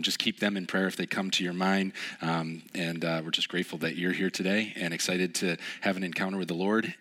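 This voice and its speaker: A young man preaching a relaxed, conversational sermon, telling stories with lots of fillers. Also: deep voice. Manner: casual, storytelling, many fillers. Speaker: pastor.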